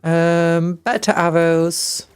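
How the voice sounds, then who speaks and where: A woman's voice: fairly low pitch, fairly even intonation, very slow, darkish tone, clean tone, dry recording, faint music behind. A British woman streaming a game, reading upgrades aloud and making jokey asides. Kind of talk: casual gameplay chat.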